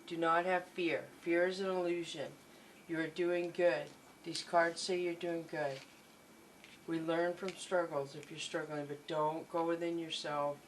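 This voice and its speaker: A woman's voice: on the low side, level tone, a little slow, slight background noise, rough recording. A woman giving a tarot reading, gushing and reassuring, often repeating her encouragements. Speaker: tarot reader.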